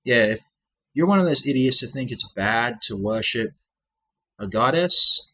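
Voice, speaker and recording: Slow, sharp-voiced mocking man. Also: expressive, rough recording. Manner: mocking, sarcastic, bursts into shrill manic laughter. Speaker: channel host. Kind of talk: ranting monologue to commenters.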